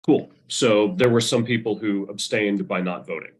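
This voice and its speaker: A man's voice: on the low side, moderate pace, breathy edge. A man asking probing questions in a virtual meeting over a video call. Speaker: meeting member.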